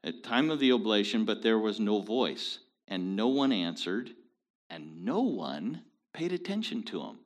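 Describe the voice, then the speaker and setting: A man leading a casual Bible study, explaining scripture in an animated, folksy, joking way. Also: fairly low pitch, a little slow.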